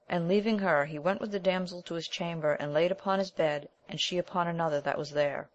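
A woman narrating an old chivalric romance as scripted audiobook narration, in a measured, even reading. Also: lowish voice, muffled recording.

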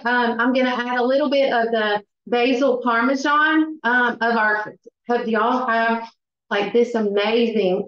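A middle-aged woman with a Southern US accent hosting a live cooking class, chatty and excitable, with many fillers. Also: on the high side. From Southern United States. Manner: chatty and excitable, many ums, says y'all. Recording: echoey room, dull lo-fi sound.

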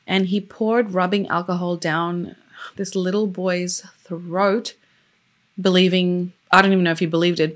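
Young woman, casual storyteller, low-ish voice, chatty and emotional with lots of fillers. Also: fairly bright tone. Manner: chatty, loose, many fillers; openly emotional about the story. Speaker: true crime YouTuber.

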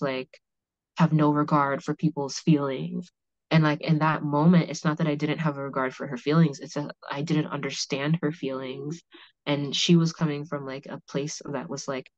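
A low-pitched woman hosts a podcast, speaking frankly and rambling with lots of "like" as fillers in a candid, conversational discussion. The recording is dry and slightly muffled.

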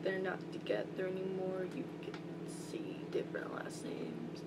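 In a gravelly whisper, a young Southern woman from Albany, Georgia, reads words and questions for a casual accent-tag video, her mid-range voice completely flat and measured. The vlogger chats and rambles between items, while her built-in laptop mic adds loud hum and static to the poor audio.

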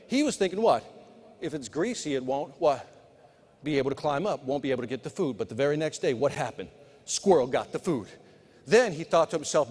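A middle-aged man giving a live keynote on sales at a conference, with punchy motivational delivery that talks straight to the crowd. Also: sits high. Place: large conference hall. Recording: long hall reverb.

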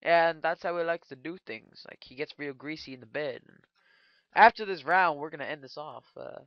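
A man giving casual gameplay commentary, joking crudely and trash-talking with sudden excited outbursts. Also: a little high, normal speed, no echo, muffled recording. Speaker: gaming channel host.

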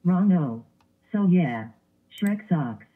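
A man's voice: high-pitched, expressive, takes it slowly, husky, exaggerated voice. A male computer voice playing a spiteful green Grinch with a whiny, repetitive ranting manner, over tinny lo-fi sound.

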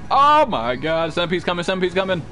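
Young man, live game streamer, excitable, cursing, yelping at enemies, lively jumpy pitch, faint game music behind. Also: fast. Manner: excitable, profane, yelps and shouts at enemies. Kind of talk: live gaming commentary.

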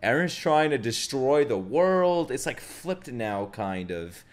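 A man giving casual reaction commentary as an anime reaction streamer, excitable and swearing freely. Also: medium pitch, slow.

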